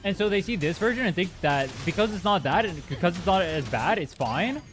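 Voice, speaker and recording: Lively chatty streamer from California. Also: mid-range voice, fairly quick, soft background music. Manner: chatty, swears freely, talks to chat. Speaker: game streamer. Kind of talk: casual live-stream chat while gaming.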